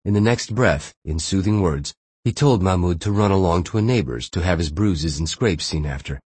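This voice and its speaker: A man narrating a thriller audiobook in a steady, measured way. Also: sits low, slightly rough, dry recording.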